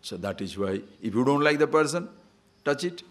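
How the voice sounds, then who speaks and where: A man leads a spiritual discourse as a swami, his voice swinging widely up and down as he teases listeners with quick rhetorical questions. He chants short scripture verses slowly between points, at a middle pitch. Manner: lively, teasing rhetorical questions. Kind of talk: spiritual discourse to a live audience.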